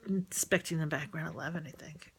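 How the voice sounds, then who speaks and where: A woman rambling and venting in a personal audio diary, often halting and trailing off mid-thought. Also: deep voice, fairly bright tone, slightly rough. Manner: venting about a relative.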